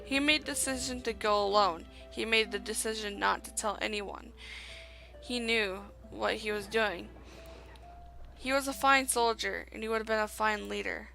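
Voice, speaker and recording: A woman's voice: medium pitch, fairly even intonation, moderate pace, creaky, pushed and bright, faint music behind. A woman reading aloud the lines of a grieving, furious young woman soldier commander from a video game, accusing at first and later stiff and formal.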